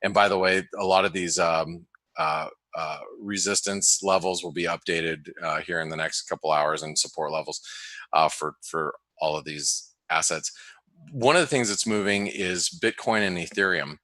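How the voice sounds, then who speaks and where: A man hosting a webinar, giving casual market commentary in a halting way, full of restarts and fillers. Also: low-pitched, bright, forceful tone, no echo. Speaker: webinar host and market analyst. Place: home office in the desert.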